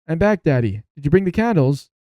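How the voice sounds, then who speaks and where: A man voicing the ghost of a dead young boy in a horror story game, speaking in a soft, clingy, pleading child tone. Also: fairly high pitch, sing-song, a little fast, dry recording, pitched above the performer's own voice.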